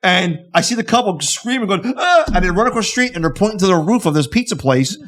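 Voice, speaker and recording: A man co-hosting a podcast, telling a story with lively energy and acting out the people in it. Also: high-pitched, quick pace. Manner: animated storyteller who acts out the people in his stories. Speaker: podcast co-host. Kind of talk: casual storytelling chat.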